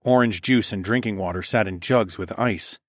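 A male narrator with a lowish voice reads a first-person audiobook calmly and evenly at a normal pace. The studio-quality recording has no room sound.

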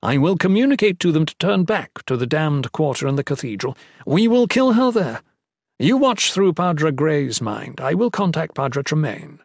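A man's voice: a little high, expressive, normal speed, vocal fry, dry recording, clean studio sound, voice pushed up. A man voicing a hot-headed male priest who argues in a strained, raised voice. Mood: indignant.

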